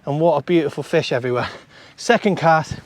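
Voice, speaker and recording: Excitable British man fishing on a beach. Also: fairly high pitch, fairly quick. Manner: excitable, chatty, talks to viewers. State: out of breath. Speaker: fishing vlogger and coach. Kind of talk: casual running commentary while fishing. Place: outdoors on a beach. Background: faint outdoor ambience.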